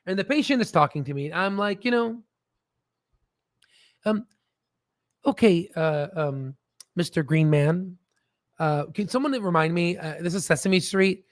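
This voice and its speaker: Host, male, high-pitched voice, casual rambling stock commentary with jokes and frequent "right?", dry close sound. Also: measured pace, long pauses, no echo. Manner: rambling, jokey, keeps asking "right?". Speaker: stock market video host.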